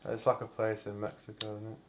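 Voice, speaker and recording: A man's voice: fairly low pitch, completely flat delivery, fast talker. A man hosting a gameplay video, chatting casually and swearing in exasperated banter with a friend while playing. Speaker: gaming channel host.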